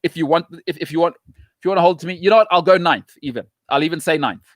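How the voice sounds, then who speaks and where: A middle-aged man hosts his show with firm, repeated punchlines and a forceful, opinionated manner. His voice sits a little high for a man. The sound is dry and close, with no room around it. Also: no echo. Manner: emphatic, punchy repetitions, fast opinions. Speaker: show host. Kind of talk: opinionated football talk show.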